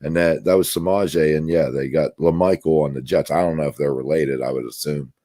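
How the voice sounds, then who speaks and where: A man with a very low voice co-hosts a casual sports podcast, joking and sounding incredulous. The sound is dry and close. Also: steady tone, a little fast, dark tone, no room sound. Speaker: podcast co-host.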